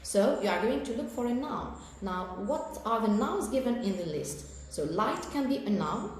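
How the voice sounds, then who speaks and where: A woman with an Algerian accent teaching an English lesson, explaining slowly and carefully with fillers and frequent "okay?" checks. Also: a little high, sing-song. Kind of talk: recorded televised lesson. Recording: very echoey room with faint background noise.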